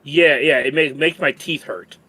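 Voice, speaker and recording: Man, laid-back banter, raised pitch. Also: normal speed, sharp tone, slightly rough. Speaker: friend on stream. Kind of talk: casual chat.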